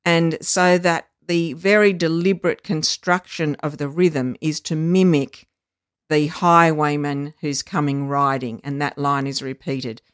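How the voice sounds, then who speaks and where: Educator, mid pitch, unhurried teacherly explainer, close dry mic, occasional ums. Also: flat delivery, fairly bright tone, clean tone, no echo. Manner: measured, teacherly, frequent ums and uhs. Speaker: literacy educator. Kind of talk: explanatory podcast chat.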